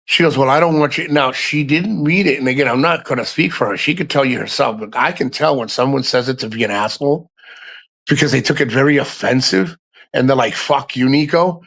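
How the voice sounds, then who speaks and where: A man's voice: medium pitch, brisk, gravelly, a bit bright, slightly rough. A man hosting a casual livestream, talking frankly to his chat, swearing often and rambling through asides. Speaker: livestream host.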